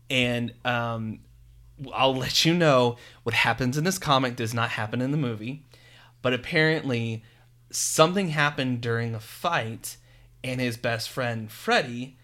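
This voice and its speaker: A man co-hosting a casual film discussion, animated and fond of retelling scenes in quoted voices. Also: medium pitch, measured pace. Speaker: podcast co-host.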